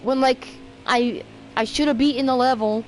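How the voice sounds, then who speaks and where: Rambling, excitable woman gamer. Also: high-pitched, moderate pace, slight background noise, poor audio. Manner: excitable, rambling, self-mocking, sudden outbursts. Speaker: gaming video creator. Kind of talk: rambling let's-play commentary.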